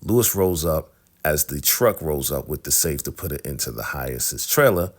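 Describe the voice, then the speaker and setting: Man, very low voice, casual show recap, animated storytelling, conversational asides. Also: normal speed. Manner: animated retelling, frequent "right?" asides. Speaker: TV recap vlogger.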